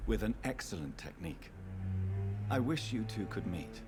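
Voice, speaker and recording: Brief: actor as a low-voiced undead son, measured and sorrowful, expressive, video game dialogue over loud score. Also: male voice, music in the background, close to an everyday voice. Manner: measured, quiet, patient. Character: undead young doctor son, restrained and sorrowful. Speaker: game protagonist.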